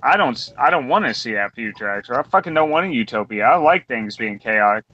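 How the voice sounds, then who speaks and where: A man's voice: medium pitch, animated, quick pace, pushed and bright. A man in his twenties ranting bluntly and profanely in a casual round-table talk. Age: 20s. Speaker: podcast co-host. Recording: dull lo-fi recording.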